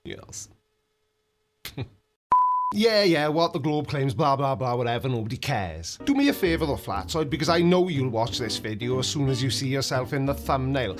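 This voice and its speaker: A man's voice: medium pitch, animated, a little fast, hardly any pauses, over music. A man hosting a reaction video, mocking and sarcastic in his commentary.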